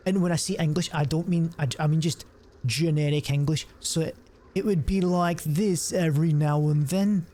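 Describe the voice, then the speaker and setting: A man's voice: on the high side, darkish tone. Rambling man streaming. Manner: rambling and profane, many fillers and restarts. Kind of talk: casual chat while gaming.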